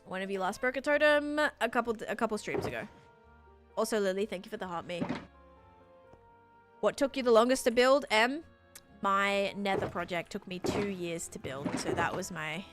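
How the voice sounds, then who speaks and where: A young woman from Australia with an Australian American accent, casually chatting on a gaming stream while answering chat and describing what she builds. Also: mid-range voice. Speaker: live streamer. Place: home room with her PC.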